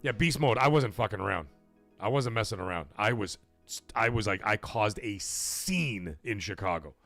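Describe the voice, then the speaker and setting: A man hosting a live gaming stream, telling a story in a swearing, animated way, getting loud and then dropping quiet. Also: lowish voice, normal speed, no room sound, faint music behind. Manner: animated, profane, swings loud and soft for effect.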